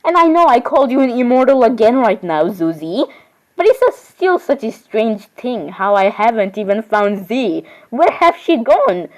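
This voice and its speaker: High-voiced woman voicing a doll role-play. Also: very animated, normal speed, dull audio. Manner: rambling, chatty, with sudden squeals of surprise. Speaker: voicing all the dolls in a homemade role-play.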